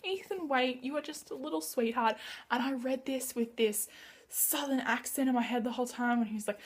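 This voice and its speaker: A woman chatting excitedly through a casual book wrap-up vlog, gushing and chatty. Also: sits high, brisk, slightly rough. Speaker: book vlogger.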